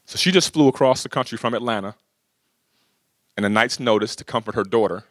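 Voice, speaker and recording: A man's voice: medium pitch, brisk, a bit bright, no room sound, clean studio sound. A middle-aged man speaking casually to an audience, telling stories with lots of "you know" and "right?". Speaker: speaker at a workshop. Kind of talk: casual storytelling talk to an audience.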